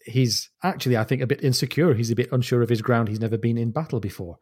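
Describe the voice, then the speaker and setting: A man's voice: mid-range voice, steady tone, fast talker, a little mellow, breathy edge. A man co-hosting a casual book discussion, reading passages aloud with relish. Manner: enthusiastic, relishing the text. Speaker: podcast co-host.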